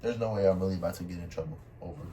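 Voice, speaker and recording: A man's voice: low-pitched, rapid-fire. A young man, casually telling a storytime, full of slang and "I was like.". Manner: slangy, says "bro" and "I was like" a lot. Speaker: storytime vlogger. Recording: somewhat distant mic with faint room noise.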